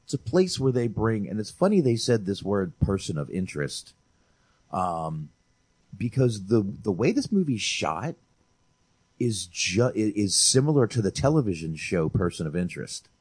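A man's voice: on the low side, normal speed, breathy edge, no echo. A man co-hosting a movie podcast, chatting casually and profanely, calling his friend dude. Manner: animated, swears freely, says dude. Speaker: podcast co-host reviewing movies.

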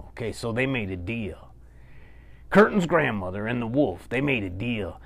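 A man telling a children's bedtime story, chatty and animated, with asides to his listeners. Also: mid-range voice, normal speed, creaky.

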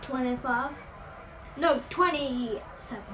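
A woman's voice: high-pitched, slow pace, roomy sound. A woman playing a tabletop game, asking eager, curious questions. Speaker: player. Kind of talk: casual tabletop play. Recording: distant mic, noisy background.

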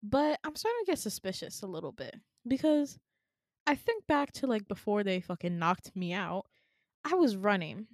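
Chatty young woman, mid-pitched, dry close sound, casual storyteller. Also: normal speed, no echo. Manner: chatty and animated, with frequent fillers and laughter. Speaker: podcast host.

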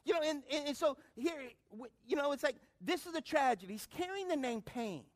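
Speaking briskly in an extremely high voice full of lively intonation, a middle-aged pastor delivers a sermon. He calls out to his congregation, moving between loud pleas and quiet lines.

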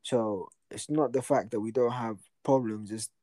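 A young man, co-hosting a casual podcast chat and telling animated stories full of slang. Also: medium pitch, moderate pace, no echo. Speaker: podcast co-host.

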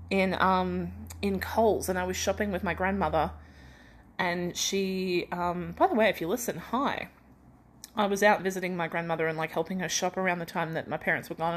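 A woman's voice: lowish voice, a little hiss or hum. Woman, Australian accent, young adult, podcast host, feverish, rambling, self-deprecating, casual chat. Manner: rambling and self-deprecating, many restarts and laughs.

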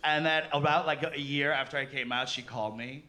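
A man in his thirties doing a stand-up comedy set on a club stage, animated and crude, often laughing mid-sentence. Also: medium pitch, a little fast, hardly any pauses. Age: 30s. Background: laughing audience.

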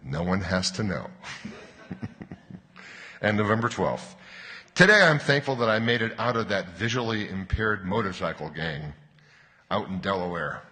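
A man preaching a sermon. He tells wry jokes, then reads scripture slowly like a bedtime story. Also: deep voice, lively intonation, sharp tone. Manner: wry joking, then slow storybook reading. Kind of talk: sermon with humorous readings. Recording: reverberant hall.

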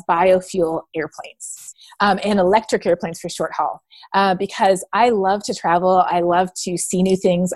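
Appearing as an interview guest, a woman from Canada chats casually and brings her stories to life, performing what other people said. Her voice is mid-range, and the recording is dry.

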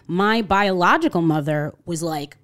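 A woman's voice: lowish voice, a little slow. A woman in her thirties from Connecticut, a podcast guest telling her story in a casual interview, acting out what people said and often adding "you know" and "like". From Connecticut, USA. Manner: animated storyteller, acts out quotes, frequent "you know" and "like".

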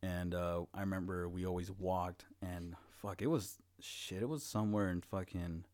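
A young man with a lowish voice, hosting a casual chat in a laid-back way. He tells profane stories and acts out the quotes. He grew up in Los Angeles. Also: steady tone, moderate pace, darkish tone.

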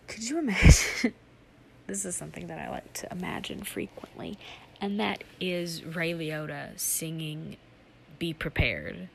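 Slow, rambling young woman podcaster. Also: on the low side, a little hiss or hum. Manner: rambling, self-deprecating, giggly asides. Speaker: podcast host. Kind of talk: rambling comedic monologue.

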